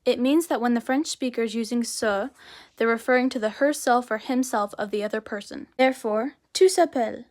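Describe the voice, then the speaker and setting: A woman teaching a beginner language lesson, explaining step by step in a chatty way and saying example phrases with lively rises. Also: fairly high pitch, fairly quick.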